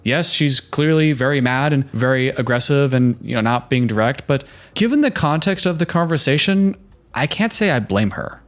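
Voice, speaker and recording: Soft background music plays under a young man's mid-range, fairly bright voice, which moves at normal speed with lively intonation. Hosting a reaction video, he offers a heated, sarcastic, opinionated recap of a TV show and mocks quoted voices.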